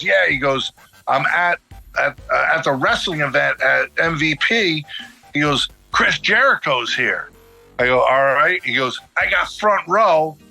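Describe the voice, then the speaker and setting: A man's voice: medium pitch, creaky, rough recording. A middle-aged man telling a long story as a podcast guest in a casual way, acting out the dialogue of the people in it. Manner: animated, acts out dialogue in quotes.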